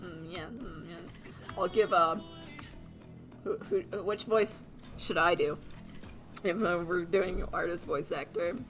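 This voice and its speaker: A woman's voice: lowish voice, takes it slowly, pauses often, fairly bright tone, soft background music. A young woman chatting casually on a livestream, giggly and rambling with lots of fillers. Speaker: streamer and artist.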